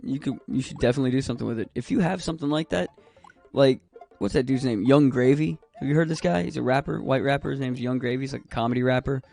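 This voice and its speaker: A man's voice: medium pitch, quick pace, creaky, darkish tone, faint music behind. A young man streaming a video game, chatting casually and rambling, swearing freely. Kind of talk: casual gaming stream chat.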